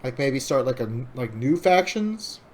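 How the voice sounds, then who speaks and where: A man co-hosting a gaming podcast in relaxed chat. He thinks out loud, stringing ideas together with lots of "like" and "um". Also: medium pitch, a little slow. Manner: hesitant, heavy on "like" and "um". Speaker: podcast co-host.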